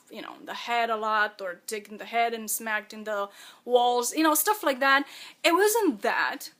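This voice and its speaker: A woman who wrote her own memoir speaks in a personal, reflective monologue, halting and emotional as she fights back tears. Her voice is fairly high, pushed and bright.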